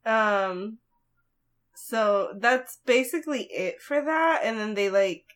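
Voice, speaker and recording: Higher-voiced podcast woman, slow and laughy, lots of uh and um. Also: fairly bright tone. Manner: laughs often, hesitant with fillers. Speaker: podcast co-host. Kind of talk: casual chat.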